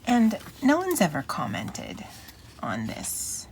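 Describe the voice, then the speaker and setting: A middle-aged woman chatting softly and often half-whispering as she decorates her planner, with a Valley Girl lilt. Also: mid-range voice, huge pitch swings, slow pace, gravelly, slight background noise. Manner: soft, often half-whispered, self-deprecating. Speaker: planner vlogger. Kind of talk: casual crafting chat.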